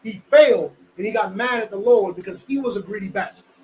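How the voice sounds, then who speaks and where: A man with a New Jersey accent leads a Bible lesson, his voice sitting notably high. He talks blunt and profane, hammering each point home in plain street language. A faint noise runs under the recording. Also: brisk, darkish tone, low-quality recording. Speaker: teacher leading a scripture study.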